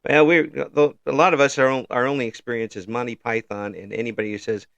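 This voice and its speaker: A man hosting an interview in a casual chat, halting and easygoing, often restarting his sentences and laughing. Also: mid-range voice, steady tone, creaky, fairly bright tone, dry recording. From United States. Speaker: interview host.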